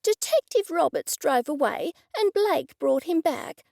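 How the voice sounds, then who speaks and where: A woman reading an audiobook, voicing an excitable, dramatic woman friend who talks in a breathless, high-strung way. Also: a little slow, gravelly, dry recording, clean studio sound, heavily acted. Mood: anxious.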